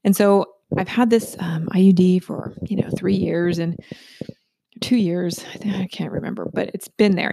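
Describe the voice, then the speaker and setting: Chatty gravelly-voiced woman telling a story. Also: lowish voice, steady tone, normal speed, dark tone, dry recording, studio quality. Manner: chatty, asks "right?" often. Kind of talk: personal storytelling monologue.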